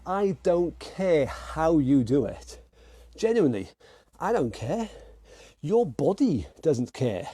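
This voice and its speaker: British fitness guy leading an online workout, pumped up, mellow tone, dry sound. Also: medium pitch, no room sound. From United Kingdom. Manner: energetic, encouraging countdowns and calls. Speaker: fitness instructor. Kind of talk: online workout class coaching.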